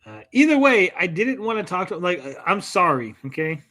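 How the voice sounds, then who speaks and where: A man's voice: sits high, sing-song, pushed and bright. A man co-hosting a livestream chat, rambling with many "like" fillers and acting out quoted people as he tells stories. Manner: acts out people in quick quoted voices. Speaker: podcast co-host.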